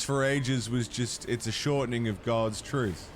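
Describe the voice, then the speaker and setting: A man's voice: medium pitch, steady tone, measured pace, a little hiss or hum. An Australian man chatting casually with his viewers as he streams a video game, swearing freely and reading out chat messages. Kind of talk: casual live gameplay commentary. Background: faint background music.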